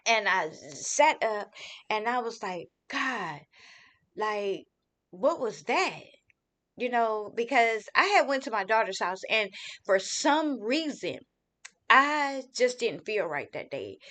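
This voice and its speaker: A woman's voice: mid-range voice, a bit bright. A middle-aged woman giving a heartfelt personal testimony as a grieving mother, talking casually with many "you know" fillers. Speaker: grieving mother telling her story.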